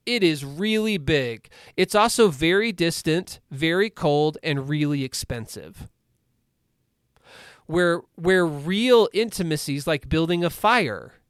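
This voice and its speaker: A man in his forties tells stories in a casual podcast interview, full of asides and quick rhetorical questions. His voice is smooth and clear, a little higher than most men's, and recorded dry and close. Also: dry recording. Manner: animated storytelling with many asides, "like" and "right?". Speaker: recovery coach.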